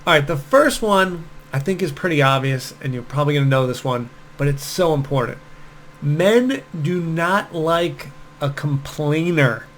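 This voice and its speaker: A man's voice: a little high, expressive, unhurried, fairly bright tone, a little hiss or hum, low-quality recording. A man talking as a dating coach, telling stories and giving advice in a casual, chatty way with frequent fillers. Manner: casual, storytelling, many fillers. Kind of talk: direct-to-camera advice talk.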